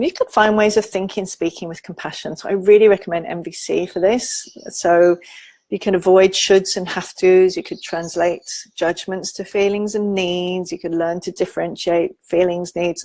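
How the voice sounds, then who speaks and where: A woman giving a gentle, informal talk on parenting, teaching with soft asides and quoted examples. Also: lowish voice, steady tone, moderate pace, no echo. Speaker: parenting educator.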